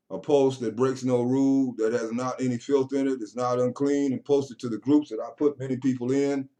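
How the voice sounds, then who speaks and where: A man preaching a sermon, swinging between loud raised lines and low murmured passages. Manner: preaching with rising chanted bursts and low murmured stretches.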